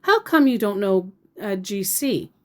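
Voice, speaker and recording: A female scammer posing as a soldier speaks in slow, clipped, broken English, as an Australian woman reads her lines aloud. Her pitch swings widely between short, stilted phrases. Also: animated, lightly acted. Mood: terse.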